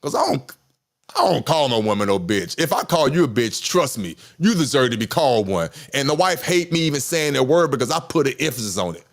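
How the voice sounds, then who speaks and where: A man's voice: medium pitch, sing-song, brisk. A man, talking candidly in casual chat, rambling, repeating himself and swearing. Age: 50s. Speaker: podcast host.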